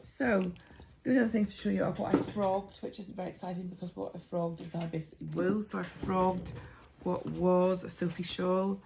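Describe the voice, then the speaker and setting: Female craft-podcast host, casual and chatty, heavy vocal fry, faint background noise. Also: fairly low pitch, fairly even intonation, moderate pace. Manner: chatty, with many ums and soft asides. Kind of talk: casual chat showing yarn and patterns.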